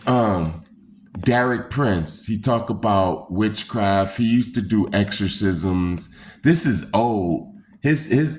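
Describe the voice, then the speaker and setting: A man casually telling a personal story in loose, repetitive phrasing, acting out the screams and voices in it. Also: sits low. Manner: animated, acts out screams and quoted voices. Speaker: storyteller recounting a personal experience.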